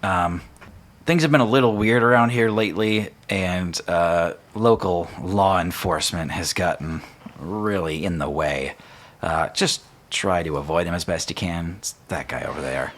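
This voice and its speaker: A man narrating a tabletop game as game master, with a very low, husky voice. His relaxed storytelling is full of small pauses and fillers.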